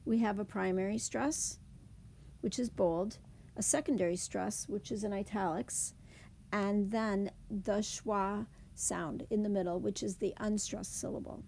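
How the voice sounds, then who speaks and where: A woman teaching a slide presentation lesson, explaining slowly and carefully. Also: medium pitch, fairly even intonation, gravelly, darkish tone, slight background noise. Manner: slow, careful, deliberate explanation.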